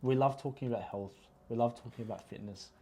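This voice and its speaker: A man's voice: mid-range voice, quick pace, gravelly, warm tone, a little hiss or hum. A young man co-hosting a podcast, chatting casually with laid-back, jokey banter. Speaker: podcast co-host. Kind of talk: casual chat.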